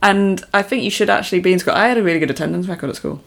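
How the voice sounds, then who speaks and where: A woman in a relaxed conversation. She chimes in with short reactions and wanders into personal asides. Her tone is plain, casual and conversational. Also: mid-range voice, rapid-fire, gravelly. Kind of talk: casual chat.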